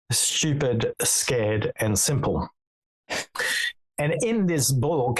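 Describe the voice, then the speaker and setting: A man speaking as a guest on an interview show. He explains ideas in a measured, unhurried way, often with quoted exchanges. His pitch is in the middle range for a man. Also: low-quality recording. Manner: measured, explanatory, tells stories with quoted dialogue. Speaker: podcast guest, author on listening. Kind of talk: interview conversation.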